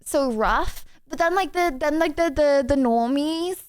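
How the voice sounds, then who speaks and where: A woman streamer chatting casually with viewers, excitable and rambling, often apologizing. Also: sits high, unhurried.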